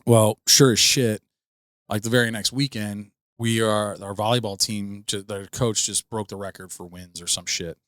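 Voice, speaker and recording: A young man co-hosting a podcast rambles through a profane, filler-heavy story into a podcast mic, casually spinning the tale. His voice is fairly low and fairly bright, with a steady tone at normal speed. The recording is clean studio sound with no room ambience.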